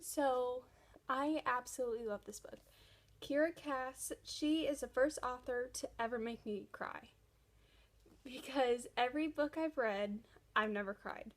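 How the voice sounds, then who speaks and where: A woman's voice: high voice, a little slow. A young woman vlogging casually about a book series she loves, gushing with enthusiasm. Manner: gushing, enthusiastic fan talk. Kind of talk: casual chat.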